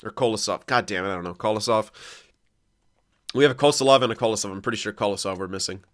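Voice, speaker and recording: A young man casually commentating his own hockey game, excitable, thinking aloud and swearing often. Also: lowish voice, fast talker. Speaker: gaming commentator.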